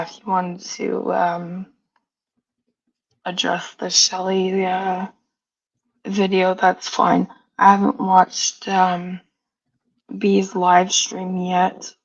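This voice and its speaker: Outspoken woman streamer, gravelly voice, dull lo-fi call sound. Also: lowish voice, completely flat delivery, drawn-out words, long pauses. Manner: blunt, outspoken. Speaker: livestream host. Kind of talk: casual livestream chat.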